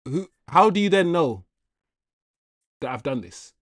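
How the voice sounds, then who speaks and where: A young man hosting a casual football livestream, reading viewer comments with slangy, animated chatter and laughter. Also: on the high side, unhurried, no room sound, studio quality.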